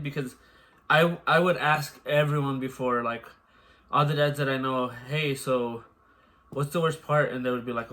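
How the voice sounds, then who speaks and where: A man talks casually about being a new father, rambling and repeating filler words. His voice is mid-pitched and ordinary. He is recorded indoors at home. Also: fairly even intonation, a little slow, pushed and bright. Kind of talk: casual chat.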